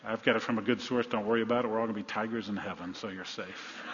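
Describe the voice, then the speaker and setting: A male pastor delivering a sermon, firing rhetorical questions at the congregation and swinging between loud emphasis and hushed asides. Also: on the low side, steady tone, fast talker, a little hiss or hum. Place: church sanctuary. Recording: dull lo-fi sound with long hall reverb.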